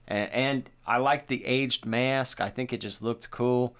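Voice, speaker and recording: With a mid-range voice at a measured pace, a young man co-hosts a podcast. He's lively and foul-mouthed in casual conversation, acting out any quotes he repeats.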